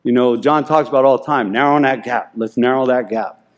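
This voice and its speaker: A man giving an informal, excited sermon, rambling and self-deprecating as he reads scripture aloud. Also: medium pitch, brisk, muffled recording. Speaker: lay preacher.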